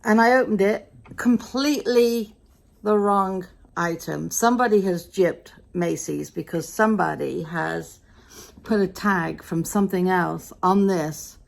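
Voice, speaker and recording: A middle-aged woman with a British accent tells the story of her day in a chatty, grumbling vlog. Her voice sits low and carries a gravelly, creaky edge. She sounds tired and a little frustrated, with wry asides. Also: measured pace. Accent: British English. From Britain. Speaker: vlogger. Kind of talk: casual day-in-the-life vlog chat.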